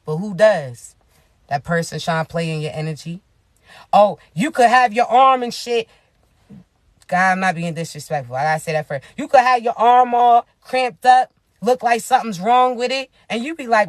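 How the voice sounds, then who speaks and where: A woman who works as a spiritual advisor, giving a casual, animated pep talk full of slang, preaching at times and often laughing. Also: on the high side, moderate pace, no room sound, clean studio sound.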